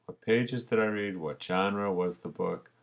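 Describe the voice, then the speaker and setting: A man, a teacher, narrating a screencast tutorial in a relaxed way, talking through each step as he clicks. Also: low-pitched, measured pace, vocal fry.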